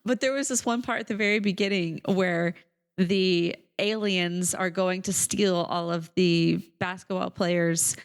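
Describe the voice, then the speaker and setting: A woman's voice: on the low side, steady tone, unhurried, smooth. A woman co-hosting a film review podcast, chatting casually with laughing, self-deprecating asides. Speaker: podcast co-host.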